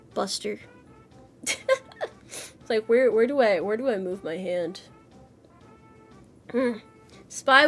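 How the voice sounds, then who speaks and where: A woman chatting casually with her stream viewers, playful and quick to giggle. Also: sits high, fairly bright tone. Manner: playful, giggly, answers chat with bursts of laughter. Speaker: virtual streamer.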